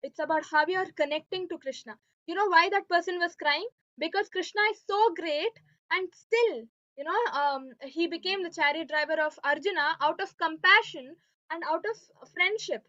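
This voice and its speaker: A woman's voice: high-pitched, pushed and bright, no room sound. A woman teaching a devotional scripture class, telling stories and often checking in with listeners. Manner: keeps asking listeners "right?" and "okay". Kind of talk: devotional lesson storytelling. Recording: dull lo-fi dry sound.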